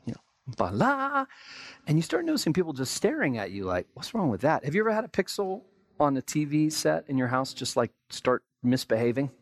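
A man's voice: a little high, huge pitch swings, brisk, dry recording. An American man preaching a sermon in a conversational way, acting out everyday people's remarks in quotes. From United States. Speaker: pastor.

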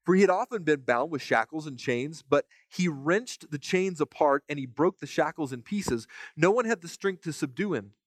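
A man teaching from the Bible in a relaxed, conversational way, reading passages aloud and stopping to comment on them, often repeating a word as he starts a phrase. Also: fairly high pitch, moderate pace, hardly any pauses, no echo. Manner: casual, repeats words when starting phrases; reads scripture aloud between comments. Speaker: preacher.

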